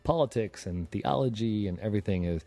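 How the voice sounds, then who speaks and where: Middle-aged male podcast host, low-pitched, chatty, jokey, quick to laugh. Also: vocal fry, a crowd in the background. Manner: laughs often, chatty and joking. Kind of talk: casual podcast chat.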